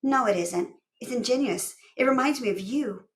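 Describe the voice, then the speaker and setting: A woman voicing a bright, playful young schoolgirl who loves big words, in an eager, teasing manner. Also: fairly high pitch, moderate pace, voice pushed up, natural voice. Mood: chirpy, teasing.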